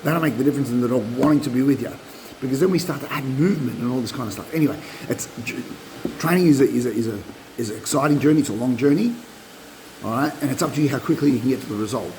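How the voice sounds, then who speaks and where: A middle-aged man giving dog-training advice in a casual, animated way, repeating points and acting out dog voices, recorded on a propped-up phone. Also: medium pitch, quick pace, background noise. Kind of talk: casual instructional talk.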